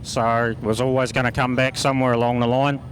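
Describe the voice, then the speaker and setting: A man's voice: mid-range voice, little pitch movement, fairly quick, slight background noise. A man with a New Zealand accent, a racing driver talking laid-back with dry humour after a race. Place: outdoors at a speedway.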